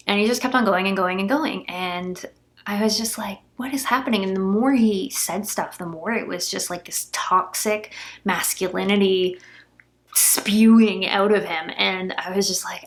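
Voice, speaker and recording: Speaking at a moderate pace in a mid-range, gravelly-fry voice, a young woman shares a hurtful family fight in a frank personal vlog. At times she's emotional and on the verge of crying.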